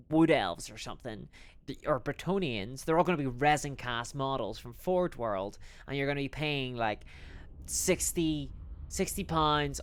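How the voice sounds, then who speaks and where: A man's voice: a little high, clear, resonant tone. A man streaming a strategy game live, chatting in a rambling, casual way while he plays and reads the chat. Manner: lively, rambling, talks while playing. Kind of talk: live gameplay commentary.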